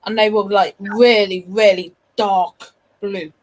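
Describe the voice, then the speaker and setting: A woman's voice: medium pitch, steady tone, slow pace, a little mellow, rough recording. A woman chatting casually with the host, stumbling and repeating words as she tells her own story. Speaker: guest. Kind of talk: casual chat.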